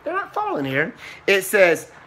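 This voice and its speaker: A man reading a picture book aloud to a young child in a playful, exclaiming way, slowing on the quoted lines and ending with a short Bible lesson. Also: huge pitch swings, bright, forceful tone, slight background noise. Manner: playful, exclaiming, with sudden high squeals and slow drawn-out quoted lines; turns preachy when giving a Bible lesson. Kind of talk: animated read-aloud storytime.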